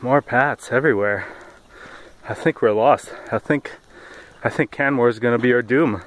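A man's voice: medium pitch, normal speed, poor audio. A man vlogging casually while walking outdoors on a path, telling rambling, jokey stories.

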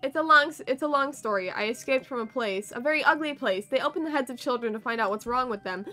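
A woman's voice: sits high, fast talker, bright, forceful tone. A woman voicing a frightened ten-year-old girl who speaks earnestly and rambles when she explains. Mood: rambling.

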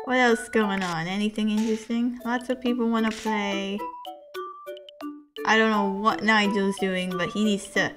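A young woman from the US streaming a video game, chatting with viewers, giggly and excitable. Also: mid-range voice, unhurried, pauses often. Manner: giggly, excitable, bursts into laughter. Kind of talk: casual gameplay live stream. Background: game music.

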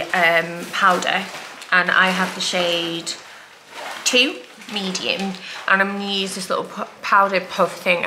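Doing her morning makeup at home, a woman in her thirties, a mum and vlogger, chats in a rambling, self-deprecating get-ready-with-me style. Her mid-range voice is pushed and bright with vocal fry, and there's slight background noise.

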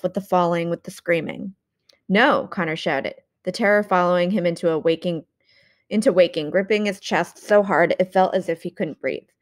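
A woman narrating an audiobook in a measured, expressive reading. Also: on the low side. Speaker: audiobook reader.

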